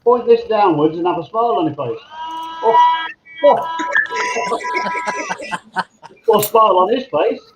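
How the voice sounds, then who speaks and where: A man's voice: high voice, lively intonation, unhurried, long pauses, highs cut off, over loud music. A man joking around in a casual chat on a video call.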